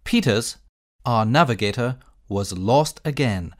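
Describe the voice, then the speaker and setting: A man reading textbook audio, slow and clear, narrating a story and giving exercise instructions. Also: mid-range voice, expressive. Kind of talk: scripted narration.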